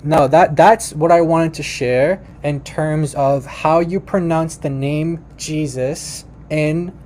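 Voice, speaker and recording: A man with a mellow, slightly raised voice explains a language to his viewers in a relaxed, conversational way. He speaks informally, often restarts his sentences, and talks straight to the listener. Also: fairly high pitch, slight background noise. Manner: chatty and informal, addresses "you guys", frequent restarts. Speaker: language teacher.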